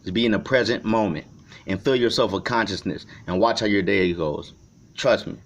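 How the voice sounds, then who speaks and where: A man from Chicago talking to the camera in an unscripted vlog. He rambles and swears, swinging between shouting and quiet reflection. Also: on the low side, moderate pace. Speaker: vlogger. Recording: dull lo-fi recording.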